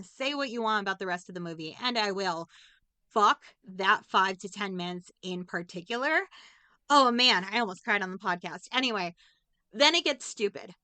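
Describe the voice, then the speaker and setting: A woman's voice: mid-range voice, sharp tone, dry recording. A woman co-hosting a casual movie review podcast, giving an emotional, rambling recap of a film and swearing often. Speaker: podcast co-host.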